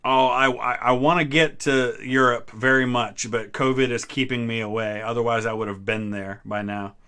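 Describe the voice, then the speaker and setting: A man's voice: mid-range voice, steady tone, normal speed, pushed and bright, clean tone. A man in his thirties from the US Midwest, hosting a casual live-stream trivia chat and answering viewers' questions with small hesitations. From Ohio, US Midwest. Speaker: history channel host.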